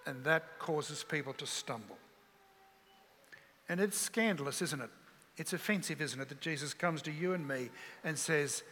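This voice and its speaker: A man preaching a sermon with an earnest, bright, forceful voice. He leans on rhetorical questions, and his words ring with a long hall reverb. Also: on the high side, normal speed, pauses often, slight background noise.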